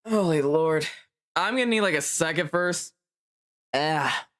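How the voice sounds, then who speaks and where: A man's voice: a little high, normal speed, fairly bright tone. Joking man streaming a game. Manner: joking, laughing asides. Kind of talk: casual game commentary. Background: game music.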